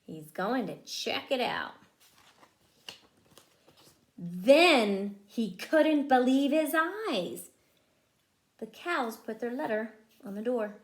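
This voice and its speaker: A woman teaching preschool, reading a picture book aloud to young children in an animated way and asking them questions as she goes. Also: a little high, slow, long pauses, echoey room.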